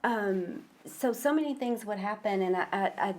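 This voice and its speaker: A woman's voice: mid-range voice, darkish tone. Hesitant woman telling her story. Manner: halting, repeats words when starting sentences. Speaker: guest, school principal. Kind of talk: casual podcast interview.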